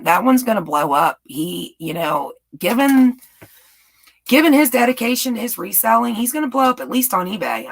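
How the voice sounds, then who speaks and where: Woman streamer, light Southern US lilt, raspy with vocal fry, gushes and laughs a lot. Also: fairly low pitch, poor audio. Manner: chatty, gushing, laughs often. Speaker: YouTube live-stream host. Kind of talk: casual live-stream chat answering viewers. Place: home in Texas.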